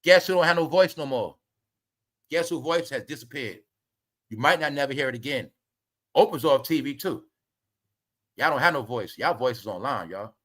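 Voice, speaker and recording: Ranting preachy man, bright tense voice. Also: medium pitch, expressive, moderate pace, long pauses. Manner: preachy, blunt, addresses viewers as y'all; swears freely and repeats himself. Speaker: commentary vlogger. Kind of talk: ranting commentary monologue.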